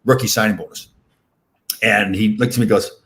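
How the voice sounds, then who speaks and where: Fast-talking older man spinning animated stories. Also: fairly low pitch. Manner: animated, excitable anecdotes with many restarts. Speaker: podcast host and former pro hockey player. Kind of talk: casual storytelling chat.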